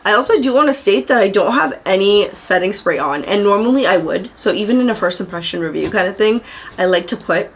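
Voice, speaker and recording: A woman's voice: mid-range voice, animated, a little fast, husky. A young woman talking casually to camera in a makeup review video, gushing and chatty, addressing her viewers directly from a room at home. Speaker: beauty vlogger. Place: upstairs room at a family home.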